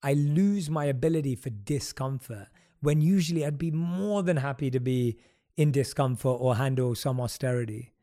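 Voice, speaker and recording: A man's voice: medium pitch, moderate pace, warm tone. A man hosting a casual conversation, who talks with enthusiasm and repeats phrases for emphasis. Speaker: podcast host.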